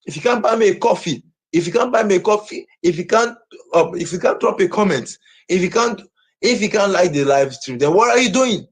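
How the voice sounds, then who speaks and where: A man ranting on a livestream, his high, husky voice swinging wildly up and down. He shouts and repeats himself in agitation. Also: expressive, fairly quick.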